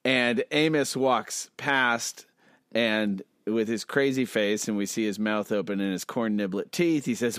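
Guy on a podcast walking through comic panels, laughs a lot, slow, dry mic. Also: on the low side, a bit bright, smooth, no room sound. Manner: laughing often, describing panels in detail. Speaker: podcast co-host. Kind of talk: casual chat reading a comic strip aloud.

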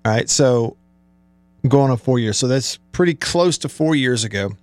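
A man's voice: medium pitch, lively intonation, normal speed, dry recording. Male sports radio host, middle-aged, fired-up sarcastic rant, dry close sound. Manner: heated, sarcastic ranting with rising emphasis. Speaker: sports talk show host. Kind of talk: live-streamed sports talk monologue.

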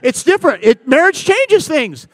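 A man in his forties giving a comedic talk to a live church audience, telling animated stories and bantering with the crowd. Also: very high-pitched, normal speed, dry recording. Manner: animated storytelling, acting out dialogue and bantering with the audience. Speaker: guest speaker at church. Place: church service.

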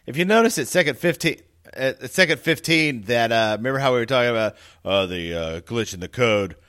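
A man co-hosting a casual movie podcast, telling animated, jokey stories. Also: medium pitch, a little fast. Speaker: podcast co-host. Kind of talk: casual chat about a movie.

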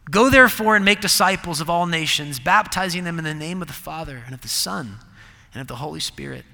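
A man preaching a sermon, emphatic, moving between loud declarations and quiet asides. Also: fairly high pitch. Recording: long reverb of a large hall.

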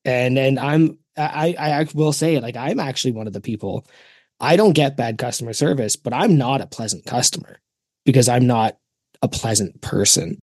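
Blunt podcast co-host guy, mid pitch, plays out little exchanges, dry mic. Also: animated, normal speed, a little mellow, no room sound. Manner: blunt, acts out both sides of exchanges. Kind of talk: casual podcast chat.

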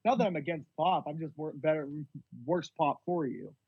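Laid-back male guest, a touch higher pitched, dry but slightly dull-sounding mic. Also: moderate pace, slightly rough, no room sound. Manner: easygoing, says "man" often. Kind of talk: casual chat.

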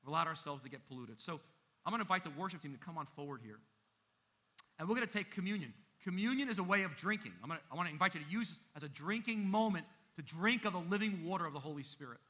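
Male pastor preaching; bright, piercing voice, fairly high, emphatic with sharp swings in volume. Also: lively intonation, fast talker. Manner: emphatic, with big swings in loudness. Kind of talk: sermon.

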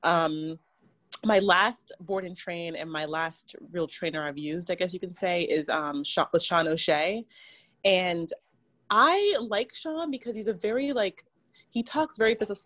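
A guest tells a personal story in a chatty, casual way, peppering it with "like" and acting out quoted back-and-forth with others. Her voice is on the low side, unhurried and fairly bright.

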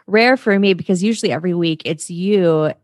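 Woman, 30s, podcast co-host; very low voice, chatty, dry close recording. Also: a little fast, no room sound. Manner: chatty, laughs often, reads quotes aloud. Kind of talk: casual book chat.

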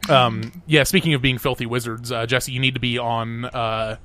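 A man's voice: medium pitch, fairly even intonation, moderate pace, a bit bright, a little hiss or hum. A man chatting casually as a podcast guest, rambling with many fillers and restarts. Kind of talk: casual chat.

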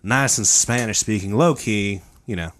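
A man telling a history story on a podcast, joking with his co-hosts as he goes. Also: moderate pace. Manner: jokey storyteller, lively pitch swings. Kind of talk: comedic casual chat.

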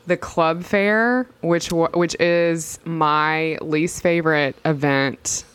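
A woman in her thirties, a podcast co-host and campus minister, chatting casually with animated, self-deprecating stories. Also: low voice, slow, clear, resonant tone, dry recording. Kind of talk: casual chat.

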